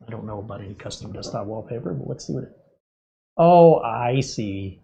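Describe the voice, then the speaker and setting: A man's voice: lowish voice, animated, normal speed, gravelly, dark tone, slight background noise. A man hosting a tech channel, chatting casually and reading chatbot replies aloud with amused, chuckling asides. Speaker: tech video host.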